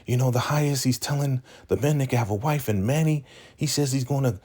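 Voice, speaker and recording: A man voicing a panicking woman character while retelling a show, pushing his voice up high and strained. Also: a little fast, darkish tone, close to an everyday voice. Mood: panicked.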